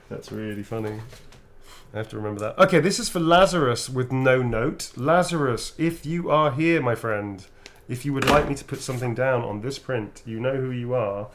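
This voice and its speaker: A middle-aged man in relaxed livestream chat, loose and easygoing, dropping swear words and soft chuckles. His pitch sits in an ordinary middle range, and a faint hiss runs under the voice. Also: normal speed. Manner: laid-back, swears freely, chuckles often. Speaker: actor signing autographs on a livestream.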